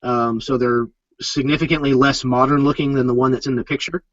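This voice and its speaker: A man narrating as game master of a tabletop game, explaining with many pauses and ums. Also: mid-range voice, steady tone, no room sound. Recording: dull lo-fi sound.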